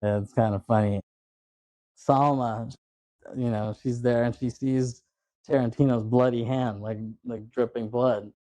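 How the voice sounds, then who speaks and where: A man's voice: medium pitch, steady tone, a little slow, warm tone, no room sound. A man hosting a podcast, casually retelling a film's plot in a rambling way, with loose fillers and plenty of swearing. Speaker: podcast host. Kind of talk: casual movie recap chat.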